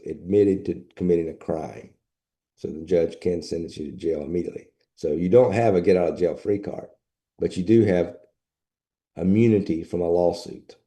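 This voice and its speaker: In a recorded lecture for graduate students, a man with a low, warm voice teaches in a plain, matter-of-fact way, going over his points repeatedly.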